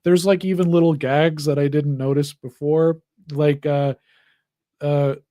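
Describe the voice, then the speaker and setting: A young man co-hosting a casual show, telling stories with lively acted-out quotes. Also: a little high, a little slow, no echo. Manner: animated storyteller acting out quotes. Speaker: podcast co-host. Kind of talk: casual chat.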